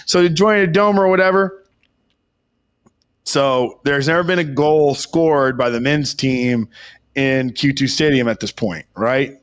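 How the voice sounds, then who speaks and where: A hoarse young man co-hosting a podcast, telling a long excited story in rambling, swear-heavy casual chat. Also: medium pitch, unhurried. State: hoarse, voice worn from shouting. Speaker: podcast co-host.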